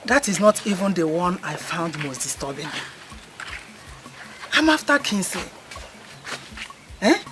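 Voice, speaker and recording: Gossipy Nigerian village woman, animated, pushy. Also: fairly low pitch, a little slow, long pauses, music in the background. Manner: gossipy, pushy, expressive, mixing Igbo into English. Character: meddling middle-aged village woman urging action.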